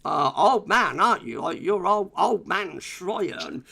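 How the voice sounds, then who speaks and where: A man's voice: sits high, big pitch swings, slow pace, creaky, sharp tone. A man hosting a charity livestream in a casual, rambling way, with many fillers and tag questions. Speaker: livestream host.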